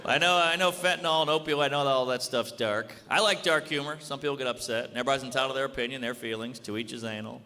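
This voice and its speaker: A man doing a stand-up routine on a club stage, delivering blunt, deadpan jokes and acting out quick bits of dialogue. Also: mid-range voice. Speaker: stand-up comedian. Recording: live club with audience noise and reverb. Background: laughing audience.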